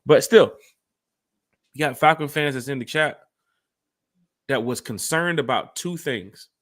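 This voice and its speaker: A man hosts a sports fan podcast, speaking at a measured pace with a medium pitch. Animated and prone to rambling, he talks casually right to his co-host.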